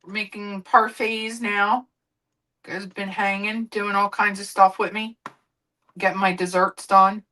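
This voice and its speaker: A woman's voice: medium pitch, flat delivery, a little slow, pushed and bright, rough recording. A woman streamer chatting casually while she cooks, rambling and swearing now and then. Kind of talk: casual chat while cooking.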